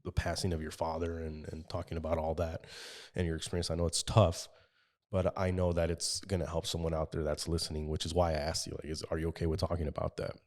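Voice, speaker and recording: Man, podcast host, very deep voice, encouraging, casual. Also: little pitch movement, fast talker, darkish tone. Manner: encouraging, thankful.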